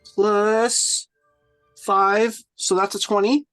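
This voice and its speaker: A woman's voice: mid-range voice, flat delivery, drawn-out words, fairly bright tone, dry recording, soft background music. A woman playing in a tabletop game, casual, swearing and laughing as she checks her rules. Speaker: player.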